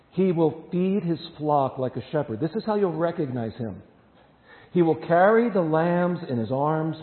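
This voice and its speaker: A man preaching a sermon, reading scripture aloud with emphasis and explaining it to his congregation. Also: medium pitch. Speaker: pastor. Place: church sanctuary. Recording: echoey hall over a phone-like line.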